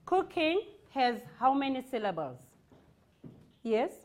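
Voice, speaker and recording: A South African woman teaches a class of young learners. She speaks very slowly and deliberately, pronouncing each word with care. Her voice sits somewhat high. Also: sing-song, heavy background noise. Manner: slow, deliberate, clearly articulated. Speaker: primary school teacher.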